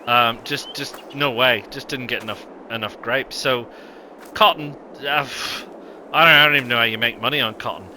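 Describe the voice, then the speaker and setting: A man's voice: mid-range voice, normal speed, sharp tone, slight background noise, poor audio. A man giving casual, rambling gameplay commentary, with lots of ums and self-corrections. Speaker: gaming video host.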